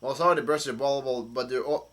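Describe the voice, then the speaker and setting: A man's voice: mid-range voice, fairly even intonation, fast, fairly bright tone, lightly acted. A man reading the lines of a gloating female witch villain from a comic, in a near-plain voice with slips and restarts. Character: mirror-powered female witch villain, cackling.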